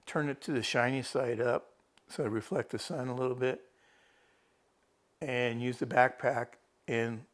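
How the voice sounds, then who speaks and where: Unhurried and steady in tone, this medium-pitched man pauses often as he tells a TV reporter how he got lost on a hike and was rescued. His casual first-person account rambles, with frequent restarts and his own thoughts quoted aloud.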